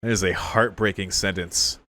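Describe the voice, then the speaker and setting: A man's voice: sits low, steady tone, moderate pace, pushed and bright, dry recording. A man reacting aloud to a show episode in casual commentary, exclaiming, swearing often and talking back at the characters on screen. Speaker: reaction video creator.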